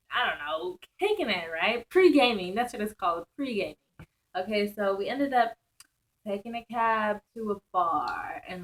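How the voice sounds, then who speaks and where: A young woman vlogger telling a wild night-out story in casual slang, animated and laughing often. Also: mid-range voice, low-quality recording.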